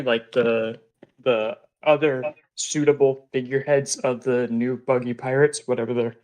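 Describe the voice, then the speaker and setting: A man's voice: mid-range voice, poor audio. A man co-hosting a casual podcast, rambling loosely as he argues his take between bites of food. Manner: relaxed, rambling, arguing his case while eating. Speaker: co-host. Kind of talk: casual chat.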